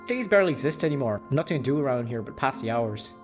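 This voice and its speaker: A man's voice: medium pitch, expressive, fast, music in the background, close to an everyday voice. A man playing a bored, chatty sailor. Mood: idle. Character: idle, chatty male sailor, easygoing and bored. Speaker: video game character.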